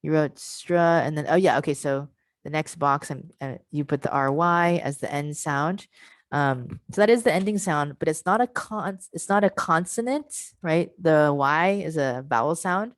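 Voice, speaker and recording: Low-voiced woman presenting a teaching workshop. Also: no room sound. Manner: explains step by step, modelling sounds with slow drawn-out syllables. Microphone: video call.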